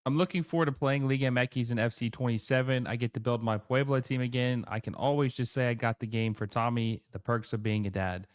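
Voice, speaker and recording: During a live football watch-along, the host excitedly narrates plays in rapid bursts, then drifts into casual asides while reading his chat. His medium-pitched voice comes across smooth, clear, and close-miked, with a dry sound and no room ambience.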